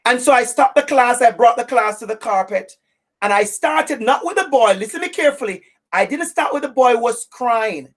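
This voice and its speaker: A woman's voice: a little high, lively intonation, normal speed. A woman with an accent giving an impassioned webinar talk as an anti-racism educator, speaking directly and repeating phrases for stress. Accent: non-native English accent.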